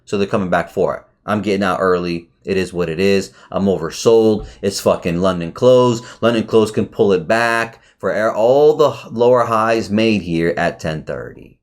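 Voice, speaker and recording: A man talking casually through a trade review on his charts, excitable and swearing often, with sudden jumps in pitch. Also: moderate pace, few pauses. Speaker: trading educator.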